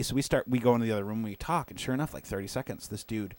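A man's voice: mid-range voice, very fast, no room sound. A young man, a podcast co-host, telling a story in casual chat, swearing often and acting out the quotes. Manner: swears a lot, animated, acts out quotes.

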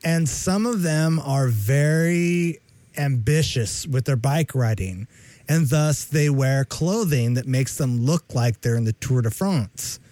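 A man's voice: mid-range voice, slow pace, mellow, dry recording. A man co-hosting a podcast in casual chat, joking and rambling, sometimes humming and mock-singing. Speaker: podcast co-host.

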